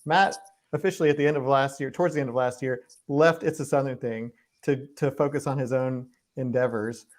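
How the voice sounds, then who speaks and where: A man in a relaxed, rambling way answering fan questions as a longtime cast member in a live Q&A. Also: mid-range voice, brisk. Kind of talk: casual chat.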